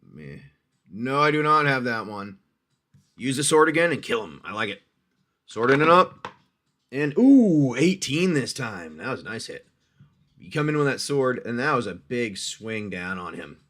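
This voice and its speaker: With a medium-pitched, sing-song voice at a moderate pace, a man hosts a livestream of a dice-rolled adventure game. Chatty and calling the player "my friend," he talks through the rolls and loudly greets each hit.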